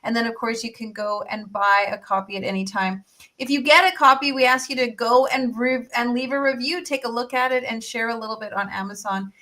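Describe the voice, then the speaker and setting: Woman host, effusive and upbeat; voice bright and a touch high. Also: fairly even intonation, fairly quick, low-quality recording. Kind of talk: enthusiastic promotional interview talk.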